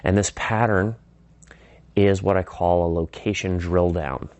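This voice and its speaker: A man with a fairly low voice explains sales persuasion in a relaxed teaching style. He keeps breaking off to act out sample phone calls, switching voices for each side. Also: a little slow, dry recording, muffled recording. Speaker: sales trainer. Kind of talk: instructional talk.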